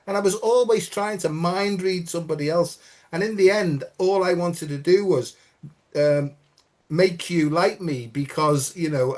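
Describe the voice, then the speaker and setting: Animated, swearing man host. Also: a little high. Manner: animated storyteller, swears freely, acts out quotes. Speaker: podcast host. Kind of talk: casual spiritual chat.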